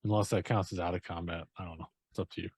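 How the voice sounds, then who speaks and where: A man's voice: low-pitched, steady tone, very fast, darkish tone, husky. A man playing in a tabletop game, easygoing and joking. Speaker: player.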